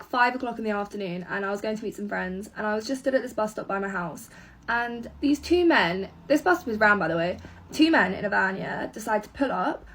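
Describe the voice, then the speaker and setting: A woman's voice: a little high, slightly rough, far from the mic. A young woman telling an indignant, sweary story in a casual vlog. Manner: indignant, swearing, animated retelling.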